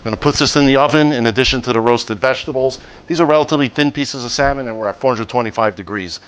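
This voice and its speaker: A man hosting a home cooking demonstration, talking through each step in a relaxed, jokey way with the odd pun. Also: medium pitch, rapid-fire, clear, resonant tone. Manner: relaxed, jokey, cracks puns. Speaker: cooking show host.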